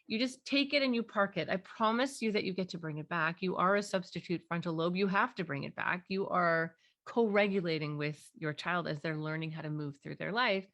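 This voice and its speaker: A woman's voice: lowish voice, brisk, few pauses, a bit bright. A middle-aged woman, a parenting clinician, explaining techniques in an interview and animatedly acting out parent and child voices.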